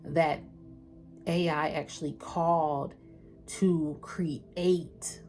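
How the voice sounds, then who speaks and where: A woman's voice: deep voice, steady tone, extremely slow, a little mellow, soft background music. A woman doing a casual spiritual reading, chatting with viewers in a slangy, loose way. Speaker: spiritual tarot reader.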